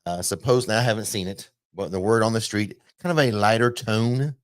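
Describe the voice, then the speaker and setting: A man's voice: lowish voice, fairly quick, no echo, clean studio sound. A man hosting a casual theme park news podcast, chatty and loose, with plenty of fillers. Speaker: podcast host.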